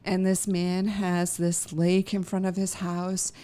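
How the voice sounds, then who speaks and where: A woman's voice: fairly low pitch, flat delivery, takes it slowly, mellow. Emotional woman telling a story. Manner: emotional, laughs often, many fillers and restarts. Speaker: podcast host. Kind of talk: casual storytelling.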